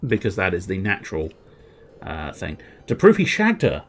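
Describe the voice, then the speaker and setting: A man's voice: sits low, huge pitch swings, normal speed, soft background music. A man chatting on a gaming livestream in a wry, joking way and laughing often. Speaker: gaming streamer. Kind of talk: casual livestream chat.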